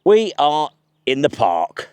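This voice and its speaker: A man's voice: fairly high pitch, wildly swooping pitch, slow pace, darkish tone, clear, resonant tone, no room sound. A man hosting a vlog outdoors in a park, chatty, enthusiastic and self-mocking as he presents to camera. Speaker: vlog host.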